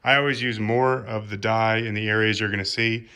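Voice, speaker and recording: A man's voice: fairly low pitch, steady tone, a little fast, sharp tone. A young man vlogging about his car build in his garage, rambling and poking fun at himself as he talks to a phone. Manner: joking, self-mocking, rambling. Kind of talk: casual garage vlog.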